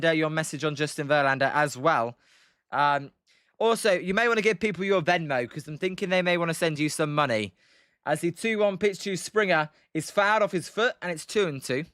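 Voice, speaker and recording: A British man calling baseball play-by-play on a live stream in a chatty, casual way, stopping between pitches to answer viewers' chat. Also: fairly bright tone, smooth, no room sound, studio quality. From Britain.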